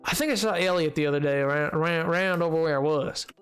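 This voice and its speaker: A man streaming a game, chatting casually and excitably with his viewers. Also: a little high, fast, clear, resonant tone, faint music behind. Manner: chatty and excitable, reacting to chat. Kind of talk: casual chat while playing.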